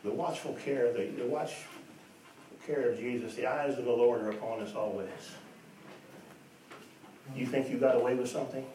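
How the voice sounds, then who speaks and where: With a dark, medium-pitched voice, normal speed and long pauses, a man preaches as pastor, earnest and emphatic, asking rhetorical questions and hammering his points through repetition. The sound is echoey and faintly noisy, taken from a distant mic in the church.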